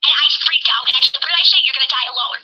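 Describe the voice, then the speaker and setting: A woman calling into a livestream, talking defensively and haltingly as she argues back. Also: sits high, pushed and bright. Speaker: caller. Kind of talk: heated livestream argument. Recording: noisy phone line.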